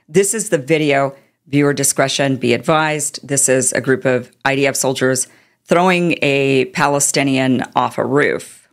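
A woman with a lowish voice runs a political commentary show. She speaks with indignant, sarcastic force. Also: animated, normal speed. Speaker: commentary host.

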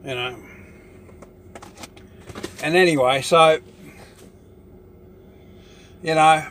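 An older Australian man holds forth in a loose, meandering monologue, swearing constantly and scattering "you know" through every thought. His voice sits slightly high for a man, and faint noise runs under the recording. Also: drawn-out words, a bit bright. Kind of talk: rambling casual monologue.

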